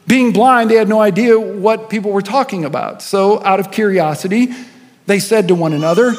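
A man's voice: high-pitched, normal speed. A man, a senior pastor, preaching a sermon with storytelling and rising and falling intensity. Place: church auditorium. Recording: long hall reverb.

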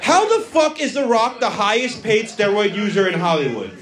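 A man's voice: high-pitched, sing-song, moderate pace. A man doing profane, brash crowd-work stand-up comedy on stage. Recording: live club audience. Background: crowd laughter.

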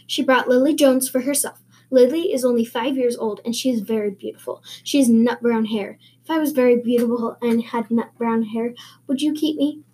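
A woman's voice: on the high side, steady tone, moderate pace, warm tone, husky. A woman voicing an eager, talkative eleven-year-old orphan girl who speaks in a dreamy, earnest, wordy way.

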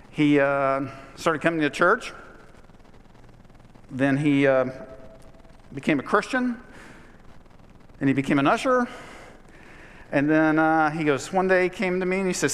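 A man delivering a sermon as a pastor, telling a story in a conversational way and building to emphatic points. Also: on the high side. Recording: long hall reverb.

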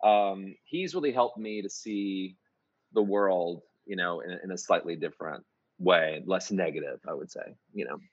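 In a casual interview, a musical theater composer and lyricist chats and rambles, full of restarts and fillers. His voice sits low and moves at a moderate pace, and the audio is dull.

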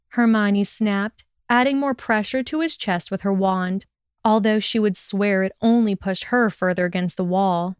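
Female narrator for fiction: steady, expressive, smooth and dry. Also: medium pitch, unhurried, no echo. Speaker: audiobook reader.

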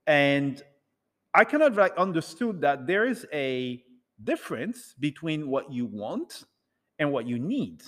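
A man telling a rambling, animated story to an audience in a casual talk, acting out bits of dialogue. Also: fairly high pitch, a little slow, big-room sound. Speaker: speaker addressing an audience.

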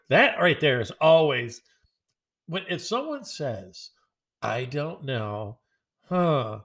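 A man hosting his own show, telling rambling everyday stories in a casual, chatty way and acting out the lines of people in them. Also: fairly high pitch. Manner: rambling, chatty, acts out dialogue in other voices. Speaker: podcast host. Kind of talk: casual storytelling monologue.

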